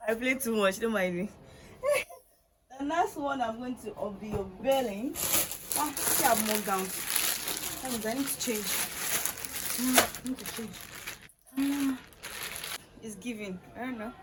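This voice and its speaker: A young woman, chatting excitedly to camera as she unboxes gifts, gushing and laughing often. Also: a little high, unhurried, pauses often, very noisy. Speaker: vlogger unboxing birthday gifts. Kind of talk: excited casual chat to camera.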